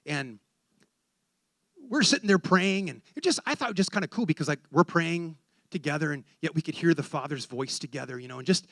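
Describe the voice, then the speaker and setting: A man preaching, telling a story with excitable energy and acting out the voices in it. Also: a little high, fairly quick, no room sound. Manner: animated, excitable storyteller who acts out voices. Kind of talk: sermon storytelling.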